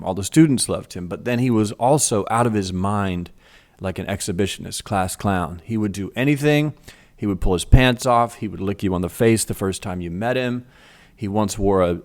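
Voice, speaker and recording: A middle-aged man telling a story from his school days in a casual, animated way. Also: on the low side. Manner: animated, acts out voices in quotes. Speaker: vlogger telling a childhood story.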